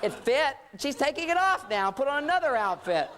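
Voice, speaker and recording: A man delivers a relationship seminar in an easy, joking way. He keeps slipping into quick impressions of husbands and wives to make his points. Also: very high-pitched, very animated, noisy background. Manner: joking, acts out quoted couples. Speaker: relationship lecturer. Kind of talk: humorous seminar talk.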